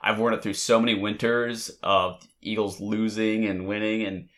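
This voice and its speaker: Bright-voiced man telling an emotional sports story. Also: fairly low pitch, level tone, moderate pace. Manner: emotional, rambling storytelling with many restarts. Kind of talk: casual chat.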